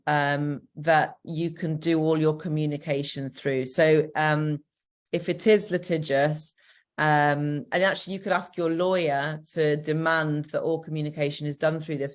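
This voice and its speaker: A woman with a Northern English accent, a co-parenting coach giving practical, encouraging advice in a Q&A, with frequent ums. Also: low voice. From Northern England. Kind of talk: answering a question in a Q&A.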